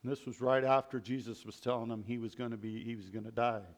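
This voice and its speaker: A man's voice: mid-range voice, fairly even intonation, quick pace. A man preaching a sermon and reading scripture aloud, reflecting on the passages.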